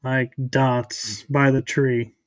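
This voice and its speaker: A man hosting a podcast, speaking in a measured, thoughtful way. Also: mid-range voice, little pitch movement, dry recording. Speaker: podcast host. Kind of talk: casual podcast chat.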